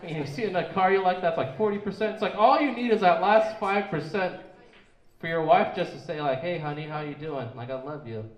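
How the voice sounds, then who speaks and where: A young man performs a stand-up set in a small, echoey club, rambling and restarting his words as he goes. His voice is high, and the sound is lo-fi.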